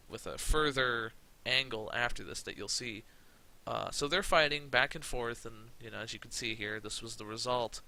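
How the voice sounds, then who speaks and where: A man's voice: mid-range voice, creaky, bright, forceful tone, poor audio. A man giving rambling, sarcastic commentary on his wrestling management game, swearing casually. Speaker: let's play commentator.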